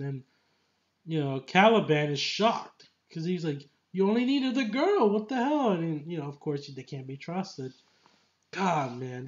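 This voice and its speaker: A man rambles through a casual film review, getting excited and emotional and leaning hard on "like" and "you know." His voice sits a touch high for a man. The recording is muffled and lo-fi. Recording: dull lo-fi recording.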